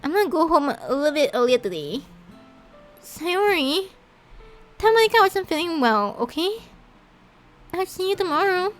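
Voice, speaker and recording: A woman's voice: very high voice, very animated, moderate pace, long pauses, soft background music. A woman voicing a bubbly, caring teenage girl in a visual novel, in a sweet, upbeat manner. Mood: breezy.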